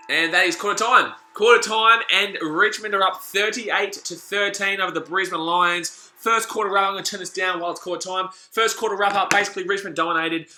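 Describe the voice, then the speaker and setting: Excitable Australian man streaming sport. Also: a little high, roomy sound. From Gold Coast, Australia. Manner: excitable and chatty, repeats phrases, calls out at the play. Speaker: live-stream sports watch-along host. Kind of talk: live-stream sports commentary and chat with viewers.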